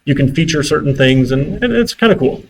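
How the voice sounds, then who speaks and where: A man's voice: fairly high pitch, lively intonation, a little fast, vocal fry, slight background noise, low-quality recording. A man giving a casual classroom lecture as a university instructor, chatty, with exasperated asides and frequent fillers.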